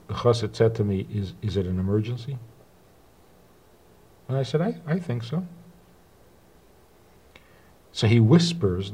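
A man telling a personal story, acting out the dialogue with halting restarts. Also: fairly low pitch. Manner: animated retelling with quoted dialogue. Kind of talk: spoken anecdote.

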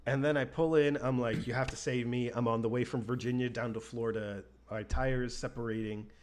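A man from the United States telling a story in casual chat, lively and acting out the people he quotes. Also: mid-range voice, fairly quick, slight background noise.

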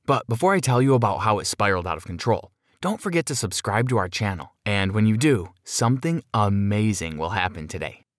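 Man storyteller, expressive low voice, dry close recording. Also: fairly quick, hardly any pauses, no room sound. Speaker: narrator. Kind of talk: scripted first-person story narration.

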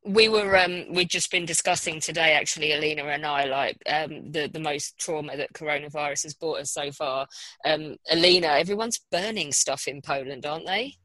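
A woman's voice: sits low, normal speed, pushed and bright, dry recording, rough recording. A woman hosting a podcast, chatting casually with many fillers and frequent laughter, wearing headphones. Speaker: podcast host. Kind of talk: casual chat.

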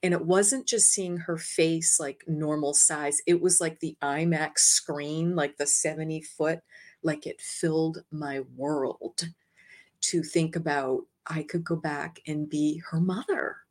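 Lower-voiced woman telling her story. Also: slow pace. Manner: lively, acts out her own past words; laughs lightly between phrases. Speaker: interview guest, energy healer. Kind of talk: personal storytelling.

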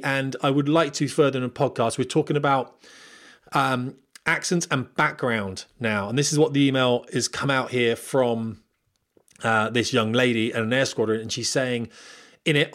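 A man hosting a casual podcast from home, a former pilot who digresses freely and talks straight to his viewers. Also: medium pitch. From Britain. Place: at home in front of a camera.

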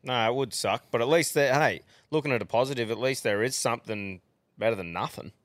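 Sweary podcast host, dry mic. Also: male voice, mid-range voice, brisk, a bit bright, no echo. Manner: sweary, ranting, laughs often. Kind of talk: casual podcast banter.

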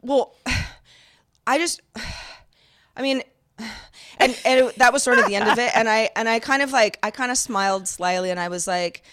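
A woman co-hosting a podcast, telling a story in casual chat and acting out the quotes in a higher voice. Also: moderate pace, clean tone. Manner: animated, acts out quotes in a higher voice. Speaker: podcast co-host.

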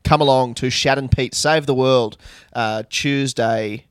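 A man's voice: medium pitch, steady tone, unhurried, clean tone, no room sound, clean studio sound. Wry Australian man in casual podcast banter. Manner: laid-back, wry, swears freely. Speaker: podcast co-host.

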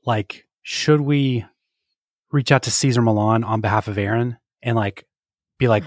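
A man co-hosts a podcast in casual chat, with quick, joking banter. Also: medium pitch, no echo, clean studio sound. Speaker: podcast co-host.

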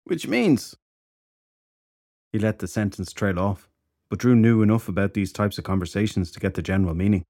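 Man narrating an audiobook, low pitch, dry studio sound, steady storytelling. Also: quick pace, dry recording.

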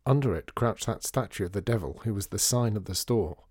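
Low-voiced man reading a story. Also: fairly quick, a little mellow, slightly rough, no room sound, clean studio sound. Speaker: narrator.

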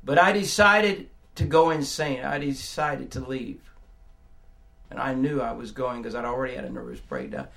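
An older man preaching a personal testimony, moving from hushed storytelling to crying shouts. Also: medium pitch, expressive, moderate pace, vocal fry. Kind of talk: sermon testimony.

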